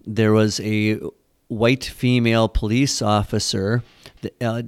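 Low gravelly pastor, smooth and dry. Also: male voice, dry recording. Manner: rambling, storytelling with frequent fillers. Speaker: pastor and catechism teacher. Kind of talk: conversational church podcast discussion.

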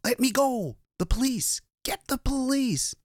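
A man voicing a panicked male shopkeeper who shouts in a high, strained voice. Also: huge pitch swings, measured pace, gravelly, dry recording, clean studio sound, exaggerated voice. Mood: frantic.

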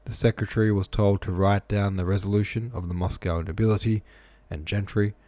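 A man's voice: fairly low pitch, fairly even intonation, a little fast, warm tone, dry recording. A man reading a novel aloud, plain with casual asides, close-miked in a small room. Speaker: reader.

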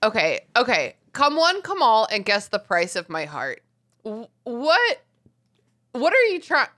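A woman's voice: a little high, a little slow. A woman in her thirties co-hosting a podcast, chatting casually and acting out quotes with swearing. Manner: animated, swears, acts out quotes. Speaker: podcast co-host. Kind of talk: casual chat.

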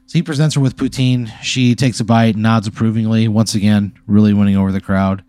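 A man hosting and narrating an improvised comic scenario in a deadpan, laid-back way. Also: fairly low pitch, brisk, dry recording. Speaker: host running an improvised hypothetical. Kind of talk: improvised comedic storytelling.

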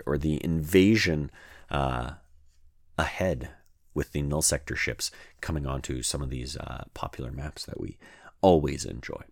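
A man's voice: extremely low pitch, no echo, studio quality. A man hosting a solo gaming podcast, talking casually and rambling, with many fillers and restarts. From Canada. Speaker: podcast host.

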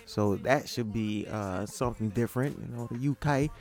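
A man's voice: lowish voice, fairly quick, hardly any pauses, a little mellow, soft background music. A man hosting a podcast in a loose, casual way, with many fillers and restarts. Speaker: podcast host.

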